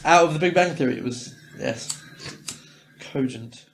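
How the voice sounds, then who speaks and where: A man on a casual podcast, his voice slightly high for a man, recorded with a faint hiss behind it. He speaks haltingly, clearing his throat and laughing at his own jokes. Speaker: podcast co-host. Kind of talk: casual chat.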